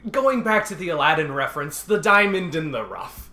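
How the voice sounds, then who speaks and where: A man co-hosting a casual podcast, recapping a movie with jokes and quick put-on character lines. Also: on the high side, echoey room. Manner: animated, jokey, acts out characters in quick bits. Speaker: podcast co-host.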